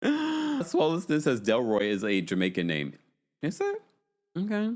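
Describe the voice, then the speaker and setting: A man's voice: on the high side, huge pitch swings, slow. A man hosting a casual livestream recap, chatting and reading out viewer comments as he reacts. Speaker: recap show host.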